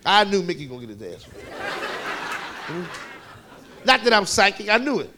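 A man performing profane, animated stand-up comedy storytelling on a club stage, with a laughing audience behind him. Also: sits high, moderate pace, crowd noise, noisy background. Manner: profane, animated storytelling with shouted kid voices.

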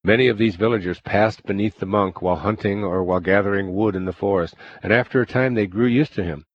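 A man reading a self-help text aloud in slow, deliberate, calm scripted narration. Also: lowish voice. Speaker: audiobook narrator. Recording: dull lo-fi recording.

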